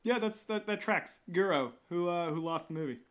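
A man's voice: high-pitched, normal speed. A man hosting a podcast, joking playfully and asking each guest in turn. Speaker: podcast host. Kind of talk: casual chat.

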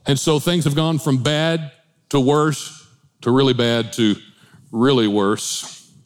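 A man preaching as a pastor, animated, with changing pace, asides and humor. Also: medium pitch, takes it slowly. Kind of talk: sermon.

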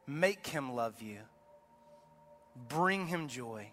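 Man pastor preaching, bright forceful tone, slightly high voice, long church reverb with faint music under it. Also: moderate pace. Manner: emphatic, rising to urgent peaks then dropping low. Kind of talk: sermon. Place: large church auditorium.

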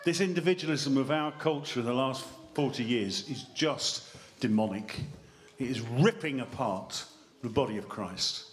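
A man preaching a sermon in church on a handheld mic, lively and joking, drawing the congregation in with questions. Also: medium pitch, normal speed. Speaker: pastor. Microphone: handheld microphone.

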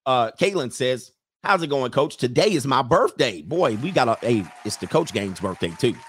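A man's voice: medium pitch, big pitch swings, moderate pace, fairly bright tone, husky. A man hosting a live stream, reading viewer comments aloud and riffing on them in a loose, joking way. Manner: loose, joking, talks straight to the chat. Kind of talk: casual commentary.

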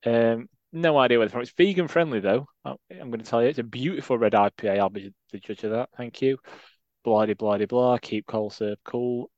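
A man's voice: medium pitch, fairly quick, a little mellow, dry recording. A man co-hosting a football podcast, chatting casually with rambling, stammering restarts. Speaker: podcast co-host. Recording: dull, lo-fi dry sound.

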